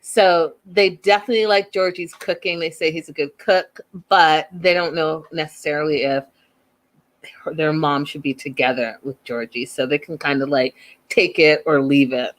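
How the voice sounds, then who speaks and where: A woman's voice: fairly even intonation, normal speed. Chatty opinionated woman recapping TV. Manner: chatty, opinionated, acts out quotes in a high voice. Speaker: host recapping a reality show. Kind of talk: casual recap chat.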